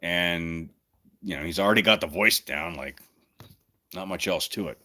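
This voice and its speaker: A man's voice: deep voice, normal speed, bright, forceful tone. A man casually chatting and joking on his own stream, thinking aloud as he goes. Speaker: streamer hosting a chat. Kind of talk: casual livestream chat.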